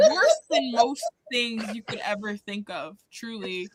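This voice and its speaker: A woman co-hosting a live charity stream in casual chat, giggly and excitable, talking over a video call. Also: fairly high pitch, a loud crowd. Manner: giggly, excitable, quick bursts of laughter. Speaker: stream co-host.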